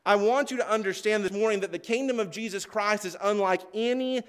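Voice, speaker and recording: Reading scripture aloud during his sermon, a high-voiced man preaches with emphatic sincerity. He slows down whenever he wants a key word to land.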